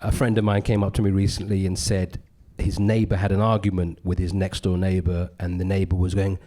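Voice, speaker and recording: A man, a comedian talking casually in an interview and often slipping into loud put-on voices when quoting people. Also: low voice, level tone, fairly quick. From Britain. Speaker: comedian guest. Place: live podcast recording in a venue.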